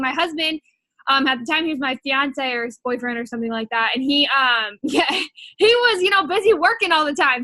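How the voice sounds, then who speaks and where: A young woman with a high, bright voice tells her personal story. She rambles casually, full of filler words, recorded close and dry with no room sound. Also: no echo. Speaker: network marketing distributor.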